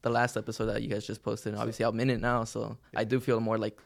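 A man's voice: lowish voice, level tone, fast, vocal fry. A man who just joined a podcast team, talking earnestly in a rambling way full of "like". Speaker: new podcast team member. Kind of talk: casual chat.

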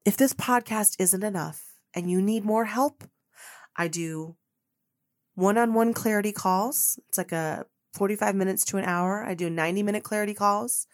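A woman's voice: medium pitch, moderate pace, no room sound, clean studio sound. A woman hosting her own podcast as a manifestation coach, speaking in an earnest, heartfelt monologue and repeating phrases for emphasis.

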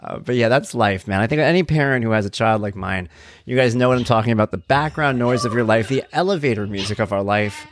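A middle-aged man hosting his own podcast from home, talking in a relaxed, chatty monologue. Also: mid-range voice, quick pace, slight background noise. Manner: relaxed, conversational, chatty asides. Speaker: podcast host. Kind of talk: casual personal monologue. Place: home room.

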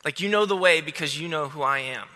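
A man's voice: a little high, quick pace, bright, forceful tone, in a large hall. A man giving a casual, rambling sermon to students, full of restarts and fillers.

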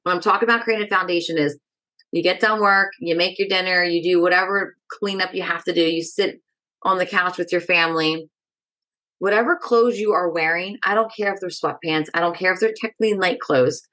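A woman's voice: on the low side, a little fast, sharp tone. A woman speaking as a stress management educator in a casual podcast interview, talking directly and energetically and often checking in with "right?".

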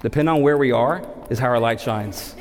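A man preaching a sermon as pastor, animated, asking rhetorical questions and repeating words for emphasis. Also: mid-range voice, fairly quick, a little hiss or hum. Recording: long hall reverb.

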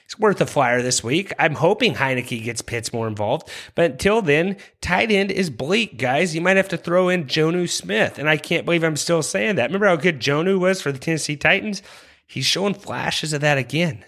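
Young male podcast host, slightly high-pitched, passionate and rambling, casual rankings talk. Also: expressive, moderate pace, fairly bright tone. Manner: passionate, rambling, apologetic asides. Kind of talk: fantasy football rankings talk.

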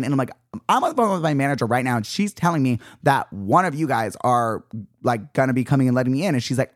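Young male podcast host, animated exasperated rant, dry close sound. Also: fast talker, no echo. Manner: dramatic, exasperated storytelling with big pitch jumps.

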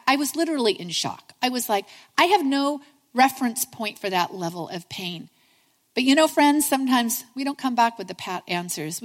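Earnest woman preaching in a large hall. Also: fairly high pitch. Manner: earnest, conversational, addresses listeners as friends. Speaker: speaker giving a sermon. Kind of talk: sermon with personal storytelling.

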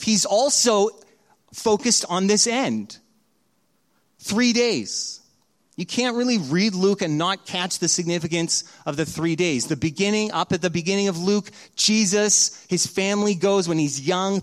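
In his sermon, a middle-aged pastor with a high voice animatedly tells stories, performing the characters' voices. He shifts from loud passages down to hushed ones.

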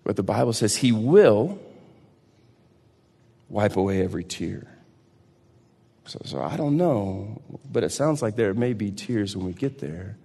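Animated pastor in his forties, echoing hall. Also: on the low side, measured pace, vocal fry, pauses often. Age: 40s. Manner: animated, swinging between shouts and hushed intensity. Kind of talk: sermon.

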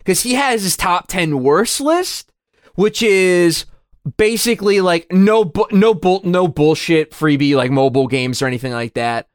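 A young man chatting casually as a podcast co-host, rambling with hesitant restarts and casual swearing, often trailing off quietly. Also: high voice, unhurried, clear, resonant tone, dry recording, clean studio sound. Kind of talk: casual chat.

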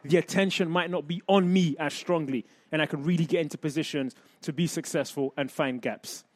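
A man in his thirties hosting a sports talk show, talking upbeat and energetic to his audience. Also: fairly high pitch, fairly quick. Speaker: show host and former player.

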